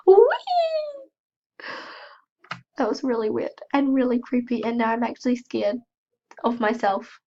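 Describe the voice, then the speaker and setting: A woman's voice: fairly high pitch, gravelly, lo-fi sound. A woman with a cold giving chatty, self-mocking commentary as she plays, gasping and squealing when startled. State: has a cold. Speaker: gaming channel host. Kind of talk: casual gameplay commentary.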